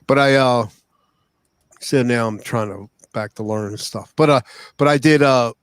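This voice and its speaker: A man's voice: medium pitch, unhurried, clean tone, dry recording. A man chatting casually as a hobby musician, rambling and restarting his sentences. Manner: rambling, stop-and-start talk. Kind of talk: casual chat.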